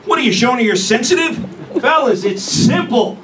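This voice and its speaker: Guy doing stand-up, brash and crude, really high voice, mic far off with noisy room. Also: very animated, a little fast. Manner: brash, crude, punchy delivery. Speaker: stand-up comedian. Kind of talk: stand-up comedy set. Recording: distant mic with room noise.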